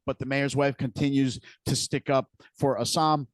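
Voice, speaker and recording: A man's voice: medium pitch, little pitch movement, moderate pace, no echo. A man co-hosting a podcast, retelling scenes from a TV episode in a casual, detailed way. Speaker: podcast co-host. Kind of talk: casual recap chat.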